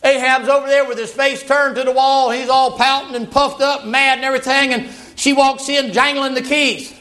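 A man preaching a sermon, retelling a scripture story in a folksy, animated way with playful asides. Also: very high-pitched, normal speed.

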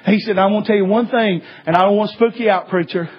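A man preaching a sermon, telling a story in a folksy way and swinging from hushed tones to shouts. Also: high voice, steady tone, quick pace, slightly rough. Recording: dull lo-fi recording.

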